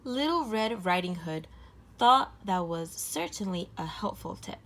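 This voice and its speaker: A woman reading a children's storybook aloud, clear, gentle and even. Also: on the low side, measured pace, slight background noise. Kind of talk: read-aloud storybook narration.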